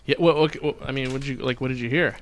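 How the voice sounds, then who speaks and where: A man's voice: mid-range voice, steady tone, racing. A man hosting a casual podcast, talking in a loose, rambling, profane way. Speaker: podcast host.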